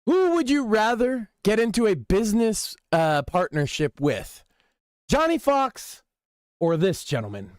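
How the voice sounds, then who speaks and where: A man's voice: sits high, sing-song, moderate pace, few pauses, darkish tone, dry recording, studio quality. A man hosting a casual commentary stream, reading forum posts with wry, offhand remarks. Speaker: stream host.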